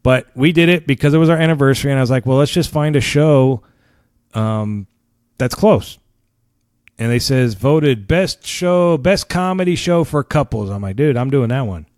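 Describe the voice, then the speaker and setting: A man's voice: mid-range voice, expressive, moderate pace, a little mellow, no room sound, clean studio sound. A man hosting his own podcast, telling a story in a casual, swearing, rambling rant and laughing along with it. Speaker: podcast host.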